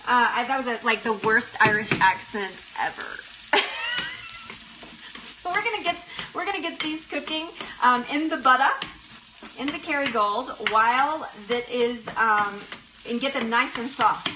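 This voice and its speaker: A frying pan sizzles in the noisy background as a woman with a fairly high voice runs a live cooking demonstration from her kitchen stove. As a cooking show host, she's chatty and bubbly and laughs a lot while addressing her viewers.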